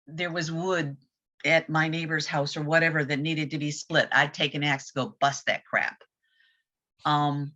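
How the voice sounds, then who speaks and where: In a casual group chat, a woman with a low, pushed, bright voice speaks candidly and reflectively in plain words. The audio is dull and lo-fi.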